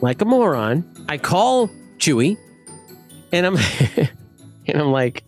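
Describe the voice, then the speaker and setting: A man's voice: fairly high pitch, sing-song, slow, long pauses, no room sound, studio quality, soft background music. A man telling a personal story in a casual, self-mocking way, laughing as he goes. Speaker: guest storyteller.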